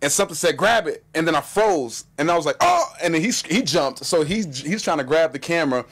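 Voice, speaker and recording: A man telling a personal story in casual chat, animated and acting out what people said. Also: fairly high pitch. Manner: animated, fast-talking storyteller acting out quotes.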